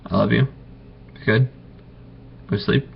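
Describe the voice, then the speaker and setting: A man reads a bedtime story to his children in an unhurried, gentle way, stopping to ask them questions. His pitch sits in the middle. The recording is dull and lo-fi, with a faint hiss. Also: fairly even intonation, gravelly. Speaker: parent reading to children. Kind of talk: bedtime story read aloud.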